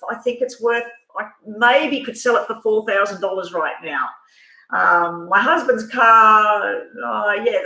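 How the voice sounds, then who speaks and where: A woman's voice: mid-range voice, pushed and bright, echoey room, poor audio. Chatty woman reading tarot. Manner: chatty, rambling, lots of fillers and restarts. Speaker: tarot reader. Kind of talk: live-stream tarot reading.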